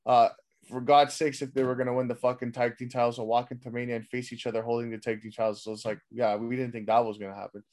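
A man's voice: mid-range voice, little pitch movement, quick pace, a little mellow. Casual profane man recapping wrestling. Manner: loose, profane, rambling. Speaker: wrestling podcast host.

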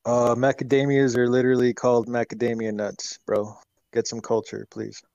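A man's voice: mid-range voice, completely flat delivery, normal speed, vocal fry, darkish tone, dry recording, lo-fi sound. An Australian man with an Australian accent, trading crude, profane banter with friends in a group voice chat. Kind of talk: casual chat.

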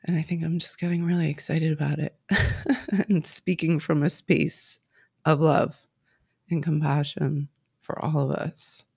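Casual gravelly-voiced wellness coach. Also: mid-range voice, fairly even intonation, a little slow, darkish tone, no echo, clean studio sound. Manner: casual, heartfelt, frequent "like" and "right?". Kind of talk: guided affirmation talk.

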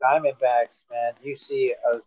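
A man's voice: mid-range voice, level tone, a little slow, no echo. Easygoing man on a tinny line. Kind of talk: casual chat. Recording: tinny, dry phone-like line.

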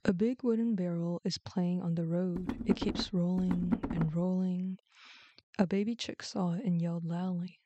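Gentle woman reading a bedtime story. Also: fairly low pitch, steady tone, moderate pace, dry recording. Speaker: host and storyteller.

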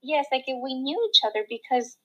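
A young woman guest in a casual chat, talking in an emotional, halting way with many fillers. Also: high voice, big pitch swings, sharp tone, low-quality recording. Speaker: podcast guest.

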